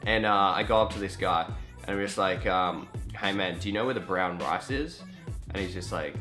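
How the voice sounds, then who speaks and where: Young Australian guy vlogging, slightly low, sharp bright voice, casual and chatty with the odd swear. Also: moderate pace, soft background music. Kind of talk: casual storytelling vlog.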